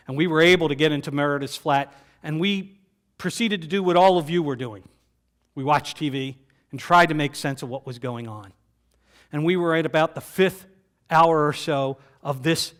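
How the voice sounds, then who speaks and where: A man speaking to a live audience, telling his story in short phrases broken by dramatic pauses. He repeats key lines and lets his voice fall quiet for emphasis. His voice sits fairly high for a man. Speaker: keynote presenter.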